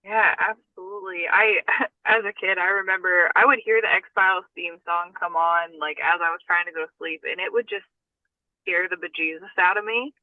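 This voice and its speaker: A woman's voice: fairly low pitch, steady tone, normal speed, no echo. A woman talking as a guest about paranormal research, chatty, with frequent laughs and fillers. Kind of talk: casual conversation. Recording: tinny phone-line audio.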